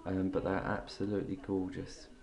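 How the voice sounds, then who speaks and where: A woman filming her parrot at home, cooing to it in a sing-song baby-talk voice that jumps high, then chatting plainly to the camera. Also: little pitch movement, normal speed, vocal fry, a crowd in the background. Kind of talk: casual home video chat. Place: at home beside a bird cage.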